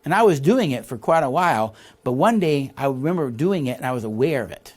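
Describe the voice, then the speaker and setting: A male leadership instructor with a mid-range voice speaks a little fast in a recorded lecture, explaining concepts and reading from the text. Animated, he keeps asking listeners for agreement with "all right?" and "see?".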